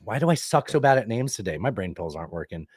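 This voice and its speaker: A man's voice: lowish voice, very animated, fast, a little mellow, breathy edge, dry recording, studio quality. A man co-hosting a podcast in casual chat, rambling and swearing freely, often losing track of names. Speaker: podcast co-host.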